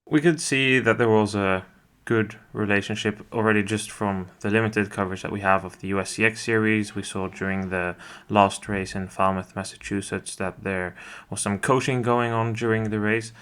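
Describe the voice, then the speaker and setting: A man's voice: lowish voice, fairly even intonation, moderate pace, fairly bright tone, smooth. A man hosting a podcast interview, laying out several examples before asking his question. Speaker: podcast host.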